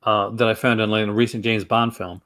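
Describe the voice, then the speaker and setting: A man's voice: on the low side, flat delivery, a little fast, a bit bright. A man hosting a film review channel, talking casually to camera in a chatty, rambling way and laughing easily.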